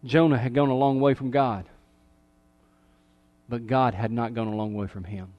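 A middle-aged male pastor preaching a sermon, swinging between emphatic raised calls and soft, quiet lines. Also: medium pitch, steady tone, moderate pace, dull audio.

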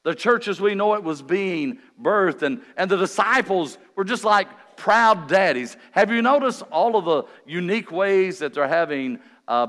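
Revival preacher, man, higher voice, jokey and folksy, big swings in loudness, long church-hall reverb. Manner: folksy and joking, swinging from quiet to loud and emphatic. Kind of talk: revival sermon. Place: church sanctuary during an evening meeting.

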